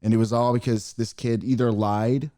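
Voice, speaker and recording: A man co-hosting a podcast, telling stories in a rambling, animated way with many fillers. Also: mid-range voice, moderate pace, no room sound, clean studio sound. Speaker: podcast co-host. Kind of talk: casual chat, storytelling.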